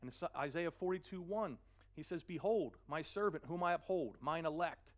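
A man preaching a sermon, earnest, often repeating a word as he gathers his thoughts. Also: on the high side. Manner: earnest, repeats words while searching, slows for scripture. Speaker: pastor.

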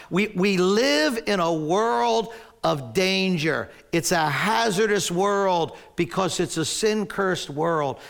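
A man's voice: high voice, creaky, fairly bright tone. A man in his sixties preaching a sermon as a pastor, telling a story animatedly and often stumbling over restarts.

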